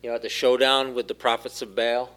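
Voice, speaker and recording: A male pastor delivers a teaching sermon at a medium pitch. He keeps putting questions to the congregation and builds in force at his main points. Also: level tone, a little fast, a bit bright, smooth. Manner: asks the room questions, rises in force for key points. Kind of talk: interactive sermon.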